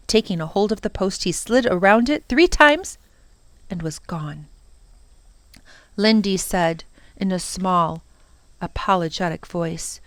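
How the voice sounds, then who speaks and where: A woman narrating a children's novel aloud for storytime, gentle and expressive. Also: lowish voice, a little slow, no echo.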